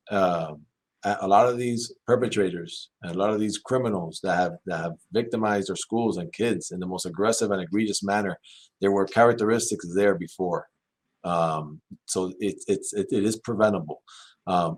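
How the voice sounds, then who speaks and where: Earnest low-voiced police chief, man. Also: husky. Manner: earnest, measured, urging parents. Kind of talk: panel discussion.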